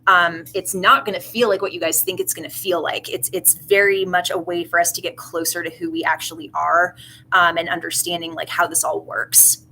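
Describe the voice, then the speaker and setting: A woman's voice: on the low side, level tone, moderate pace, sharp tone, a little hiss or hum, low-quality recording. A woman doing a tarot reading in a casual, rambling way, earnest and emotional. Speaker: tarot reader.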